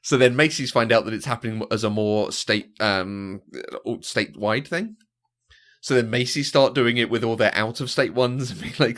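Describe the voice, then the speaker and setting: A man co-hosting a film podcast in casual chat, animated and fond of acting out lines. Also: mid-range voice, fairly quick. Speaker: podcast co-host. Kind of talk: casual chat about films.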